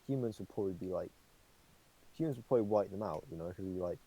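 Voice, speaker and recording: Co-hosting a podcast, a young man rambles in casual conversation packed with fillers and curses. His deep voice is mellow with a breathy edge and he talks fast; the recording is rough.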